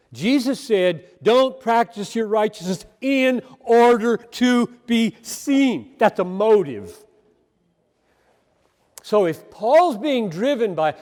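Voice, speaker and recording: A male preacher giving an impassioned, emphatic sermon, swinging between loud emphasis and quiet asides. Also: high-pitched, in a large hall.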